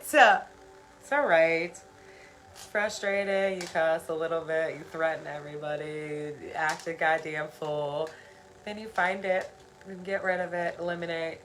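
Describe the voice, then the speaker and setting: A woman with a low voice and a bright, forceful tone talks casually to her live-stream viewers. She is earnest and encouraging, often laughs and repeats phrases for emphasis. Soft music plays faintly behind her. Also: fairly even intonation, a little slow, poor audio. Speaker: spiritual self-help live streamer.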